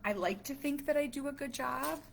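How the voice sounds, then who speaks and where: A woman around forty talking to camera as a parent vlogger, halting and emotional, dropping to a near whisper at heavy moments. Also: high-pitched, vocal fry, slight background noise. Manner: halting, emotional, many restarts. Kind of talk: casual talk to camera.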